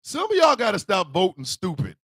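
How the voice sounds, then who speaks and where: A man ranting comedically as a show host, loud and animated with shouted bursts. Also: sits high, fairly quick, slightly rough, no echo, studio quality. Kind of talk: comic rant.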